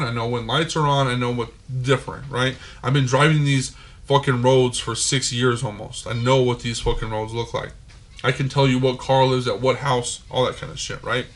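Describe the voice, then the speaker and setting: A podcast host with a drawl, talking in an ordinary middle-pitched voice. He rambles through a story, peppering it with curses and fillers, and keeps checking in with his listeners. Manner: profane, animated storytelling with many fillers. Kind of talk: casual storytelling.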